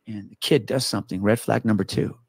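A man, a former police officer, telling a spooky story from his work in a casual, animated way. He swears often and acts out what people said. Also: on the low side, brisk, creaky, slightly rough, no room sound. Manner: animated, swearing, acts out quotes with gasps and whispers.

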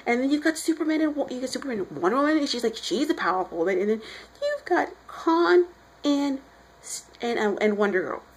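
A young woman with a fairly high, husky, breathy voice talks through a comic book review. Her delivery is loose and chatty, full of rambling asides and "you're like" retellings. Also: big pitch swings, brisk, rough recording. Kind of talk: casual chat.

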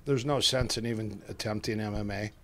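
Middle-aged man telling lively stories. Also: on the low side, a little fast, slight background noise. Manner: animated, acts out quoted voices, restarts often. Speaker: guest, martial arts coach. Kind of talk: casual storytelling.

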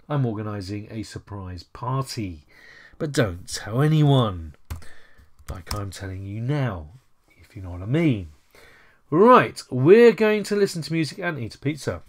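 A man's voice: medium pitch, fairly bright tone. A man teaching French in a casual lesson, chatty and self-correcting, who calls his viewers ladies and gents. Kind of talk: casual lesson while writing on a board.

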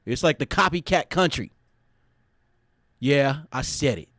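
A man's voice: medium pitch, lively intonation, unhurried, a bit bright, no room sound, studio quality. A man hosting a sports talk radio show, brash and opinionated, tacking "man" onto his sentences. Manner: brash, ends phrases with "man".

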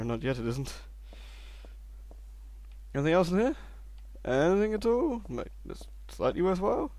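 A young man giving sarcastic gameplay commentary and shouting insults at the game. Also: medium pitch, creaky. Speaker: let's play host.

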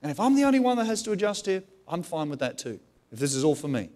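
A man preaching a sermon as pastor, animated, with restarts and rising questions. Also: sits high, fast talker. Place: church.

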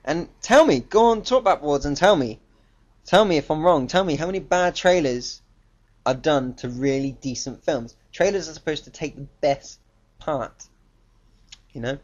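A man's voice: a little high, animated, moderate pace, a little mellow. Blunt, swearing man ranting on lo-fi audio. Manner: blunt, profane, exasperated. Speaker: film reviewer. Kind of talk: casual ranting film review.

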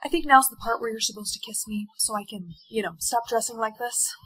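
A woman's voice: fairly high pitch, fairly quick, a bit bright, slightly rough, low-quality recording. A woman playing a sassy, feisty young woman in a TikTok POV skit, with snappy, sarcastic comebacks. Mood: playful.

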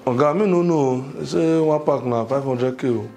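A man's voice: mid-range voice, moderate pace, vocal fry, darkish tone, faint music behind, natural voice. A man with a Nigerian accent playing a cheeky, scheming young houseboy in a comedy skit, rambling in Pidgin-laced English. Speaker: comedy skit actor and channel creator.

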